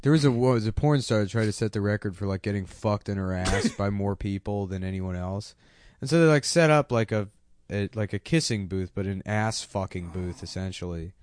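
A man in a crude casual chat, telling stories deadpan and slipping into mock voices for jokes. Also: on the low side, fairly quick, smooth, no echo.

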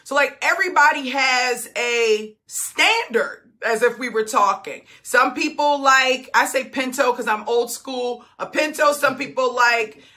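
A woman's voice: high voice, measured pace, few pauses, pushed and bright. A middle-aged woman hosting a group coaching call, talking in a fired-up, emphatic way. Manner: fired-up, emphatic, laughs often. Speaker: host.

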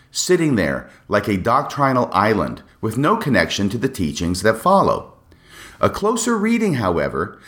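A man hosting a solo podcast, explaining scripture passages in a measured way with wry asides. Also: lowish voice, a bit bright. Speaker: podcast host.

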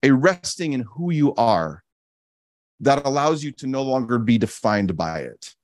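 This podcast host delivers a reflective teaching talk in a medium-pitched, sing-song voice, going a little slowly. Earnest in tone, he leans on repeated key phrases for emphasis while frequently restarting and dropping casual fillers. There's no echo.

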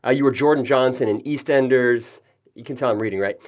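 A man's voice: mid-range voice, fairly quick, a little mellow. A male podcast host talks with his guest in a friendly, casual way. He jokes lightly and often pokes fun at himself. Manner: friendly, jokey, self-deprecating asides. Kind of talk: casual interview chat.

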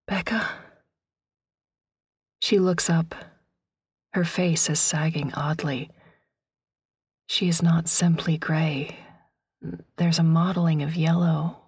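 A woman narrating a first-person story in a hushed, breathy, grieving voice that often drops to a whisper. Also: deep voice, no echo, clean studio sound.

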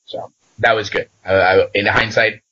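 A man in casual chat, recapping a game session as an animated storyteller who acts out the dialogue he quotes. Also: fairly low pitch, moderate pace, dull audio.

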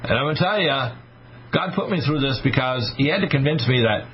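Expressive and a little fast, his mid-range voice carries a radio talk show. The host is a man in his sixties who tells stories emphatically, imitating the voices of those he quotes, heard through a slightly muffled broadcast with faint noise.

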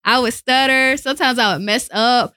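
A woman's voice: a little high, moderate pace, clear, resonant tone, no echo. A woman radio personality talking casually in an interview, telling stories animatedly and acting out the voices of people she quotes, recorded in a studio. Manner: animated storyteller who acts out quoted voices.

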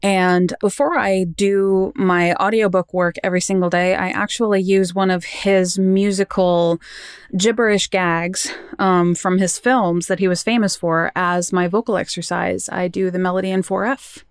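Woman voice actor, guest, smooth, dry close mic, chatty storyteller. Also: lowish voice, fairly even intonation, normal speed, no room sound. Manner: chatty, laughs easily, tells stories. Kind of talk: casual interview chat.

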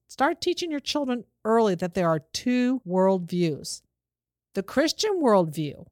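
Woman, religious instructional talk for parents, earnest and steady, mid pitch, dry close recording. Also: no echo. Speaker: Christian teacher for parents.

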